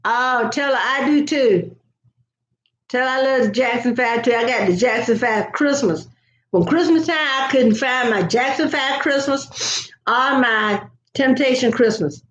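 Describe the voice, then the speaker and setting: An older woman with a drawl talks to her viewers in a loose, rambling way, full of folksy asides. Her voice sits a little high. The sound is roomy and slightly dull. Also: unhurried. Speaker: vlogger. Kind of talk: casual chat to viewers.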